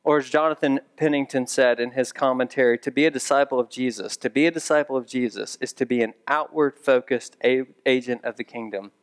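A man's voice: medium pitch, steady tone, brisk, hardly any pauses, smooth. A man preaching a sermon as pastor, conversational with dry humorous asides, building to emphatic raised repetitions.

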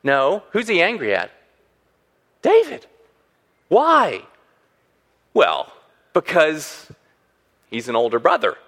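Animated man preaching a sermon. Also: on the high side, slow, long pauses. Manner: animated, acts out quoted voices. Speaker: pastor.

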